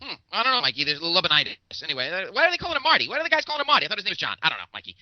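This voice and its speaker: A man playing a clueless, excitable sports fan in a comedy bit, rambling and repeating his co-host's name. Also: sits high, rapid-fire, dry recording, dull audio. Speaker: podcast co-host in comedy bit. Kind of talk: comedic sports-talk parody.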